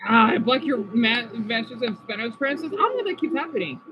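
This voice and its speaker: High, lively-voiced woman chatting to viewers. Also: brisk, muffled recording, slight background noise. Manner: chatty, talks to viewers by name, sounds out words. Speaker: livestreamer reading chat. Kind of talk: casual live-stream chat.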